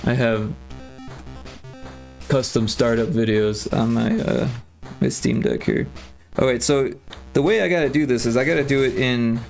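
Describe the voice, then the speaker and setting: A man chatting loosely on a livestream, thinking aloud and trailing off into fillers. His pitch sits in an ordinary middle range. Faint music plays quietly behind him. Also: normal speed, gravelly, pauses often. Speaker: streamer and game developer. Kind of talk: casual livestream chat.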